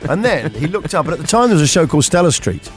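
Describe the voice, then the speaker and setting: A man's voice: fairly high pitch, sing-song, very fast, faint music behind. A man hosting a radio show, telling rambling anecdotes in casual chat. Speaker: radio host.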